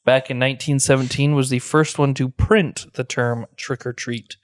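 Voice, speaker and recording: Man, podcast co-host; mid pitch, playful teasing banter, dry close mic. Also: steady tone, no room sound. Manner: playful, teasing, quick to laugh. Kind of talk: casual chat.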